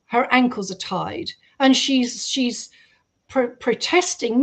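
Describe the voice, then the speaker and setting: A woman, a guest on a radio show, telling a story in a lively way and acting out the quoted voices. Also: fairly high pitch, slow pace. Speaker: guest researcher. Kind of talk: storytelling in an interview.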